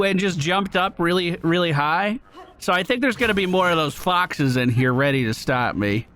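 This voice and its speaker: A man casually commenting on his game run, chatty and excitable, thinking out loud and swearing now and then. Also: high-pitched. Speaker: let's play streamer.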